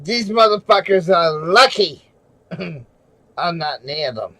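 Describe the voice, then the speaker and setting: Furious high-voiced man ranting on a livestream. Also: expressive, takes it slowly, dry recording, low-quality recording. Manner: furious, profane, shouting. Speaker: livestreamer and auditor. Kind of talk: angry livestream rant.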